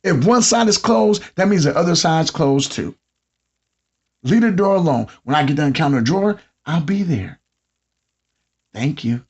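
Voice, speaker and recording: Southern guy on a podcast, husky and kinda high, joking around, dull lo-fi sound. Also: moderate pace, pauses often. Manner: animated storytelling, mimics customers. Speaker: podcast host. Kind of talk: comedic monologue.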